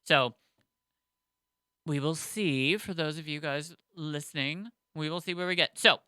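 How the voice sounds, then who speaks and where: An excitable man co-hosting a podcast, rambling with lots of fillers. His voice is bright and crisp on a dry, close mic. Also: on the high side, unhurried, no echo. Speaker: podcast co-host. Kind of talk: casual podcast chat.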